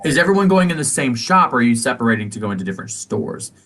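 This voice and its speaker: Lively, bright-voiced man running a tabletop game. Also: mid-range voice, very fast. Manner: giggly, rambling with many fillers. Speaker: game master.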